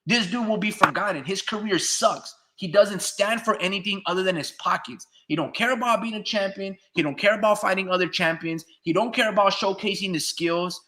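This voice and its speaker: A man's voice: high-pitched, fairly quick, few pauses, sharp tone. Fired-up man ranting about boxing. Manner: blunt, ranting, profane, fired up. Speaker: boxing commentator. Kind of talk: opinionated solo commentary.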